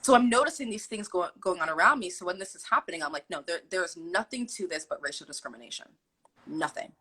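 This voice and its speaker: Young adult woman guest, husky and a bit low, acts out quotes as she tells a personal story. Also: fast, rough recording. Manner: animated, acts out quotes with fillers like "like". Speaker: guest telling her story. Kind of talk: candid storytelling.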